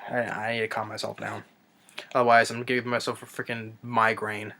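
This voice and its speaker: A young man ranting through a movie review, exasperated and halting, with many restarts and trailing sighs. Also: fairly low pitch, completely flat delivery, sharp tone.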